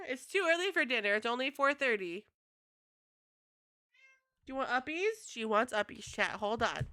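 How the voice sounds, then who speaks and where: A woman's voice: a little high, sing-song, normal speed, long pauses, sharp tone. A woman game streamer chatting casually to her live chat, rambling and swearing freely.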